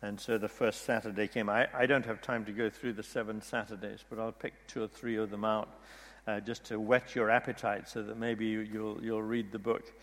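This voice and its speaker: A man's voice: lowish voice, little pitch movement, normal speed, hardly any pauses, fairly bright tone, big-room sound. A man telling a long story to listeners, often restarting and repeating words as he goes. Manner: rambling storyteller with frequent restarts. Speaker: speaker retelling a story from a book. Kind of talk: storytelling talk.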